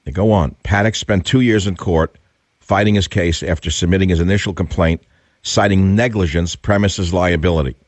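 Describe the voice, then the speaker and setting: A man's voice: low voice, moderate pace, dry recording. A man hosting a radio talk show, combative and indignant, firing off rhetorical questions. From United States.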